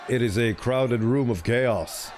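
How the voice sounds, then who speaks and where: A man's voice: mid-range voice, slow pace, darkish tone, some chatter behind, slight background noise. A man streaming a game, reading the story aloud and chatting playfully between lines. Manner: playful, chatty, self-interrupting. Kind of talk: let's play with reading aloud.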